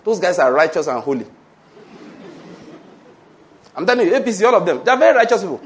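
A man's voice: high voice, racing, a little hiss or hum. A man with a Nigerian English accent, preaching a sermon with rhetorical questions and calls for amen. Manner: animated preaching with rhetorical questions and call-and-response. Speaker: pastor.

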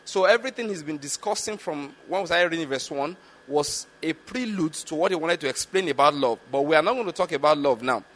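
Slow, deliberate male Bible teacher. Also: a little high, expressive, a bit bright. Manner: slow, deliberate reading of scripture with explanatory asides; repeatedly checks understanding with the listeners. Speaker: preacher.

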